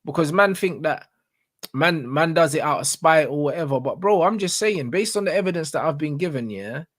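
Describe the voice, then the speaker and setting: A man with a London accent rants about football in loose, slang-heavy talk. He drives his points home and repeats them with conviction. His voice sits a little high for a man. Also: animated, normal speed, a bit bright. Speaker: football pundit. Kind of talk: casual football rant.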